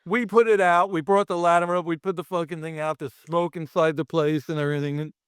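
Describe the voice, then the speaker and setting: Brief: effects-artist guest from Brooklyn, man, raunchy and animated storyteller, slightly high voice, dry close mic. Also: fairly quick, smooth, no echo. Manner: profane, animated, acts out other people. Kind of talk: casual storytelling.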